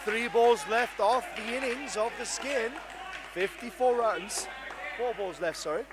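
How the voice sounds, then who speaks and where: Male commentator for a live indoor cricket match; high, excitable, heard over a noisy crowd. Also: a little slow. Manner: excitable, bursts into shouts at big moments. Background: crowd and venue noise.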